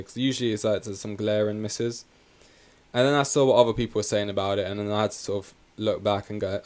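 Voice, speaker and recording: Young guy, lowish smooth voice, rambling football podcast host who swears a lot. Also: steady tone, a little fast, darkish tone. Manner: rambling, sweary, wry complaints. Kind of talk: casual football chat.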